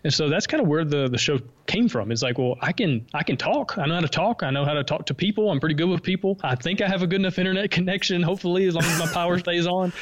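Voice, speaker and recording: A man with a Southern US accent talking casually as a guest, quick, animated and self-deprecating. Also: high voice. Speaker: podcast host being interviewed. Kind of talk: casual conversation. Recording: lo-fi remote call audio.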